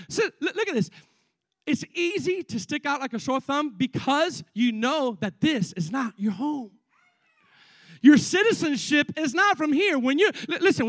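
An excitable young male preacher with a very high voice, delivering an energetic sermon full of stammered repeats and asides to the crowd. The sound is dry and close, with no room echo. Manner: excitable, repeats words, frequent asides to the congregation.

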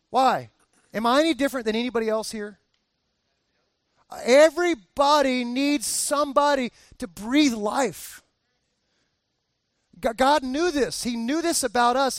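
A man's voice: very high-pitched, moderate pace, dry recording, studio quality. A man preaching a sermon as a pastor, talking candidly and conversationally with frequent restarts.

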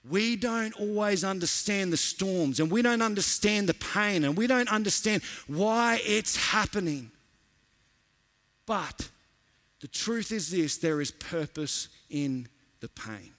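A man preaching as a pastor, an animated storyteller who repeats lines for emphasis. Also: high-pitched, slow. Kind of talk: sermon with storytelling.

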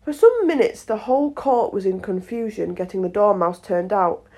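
A woman's voice: mid-range voice, animated, normal speed, dark tone. A woman podcast host narrating a children's book aloud, with chatty, playful asides. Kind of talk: storybook narration.

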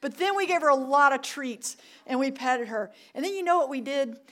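A woman's voice: high-pitched, lively intonation, fairly quick. A middle-aged woman, giving a sermon as a church ministry director, telling stories and repeating her key points for emphasis. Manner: warm storytelling with emphatic repetition.

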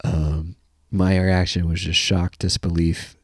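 A man hosting a podcast, telling a funny story with lots of laughter and mock-deadpan asides. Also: low-pitched, slow, slightly rough, no echo, studio quality. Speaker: podcast host. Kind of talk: comic storytelling.

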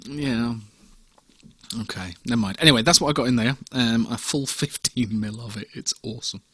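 A man's voice: mid-range voice, moderate pace, fairly bright tone, husky, no room sound, clean studio sound. A man co-hosting a casual podcast chat, laughing easily and stumbling over restarts. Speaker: podcast co-host.

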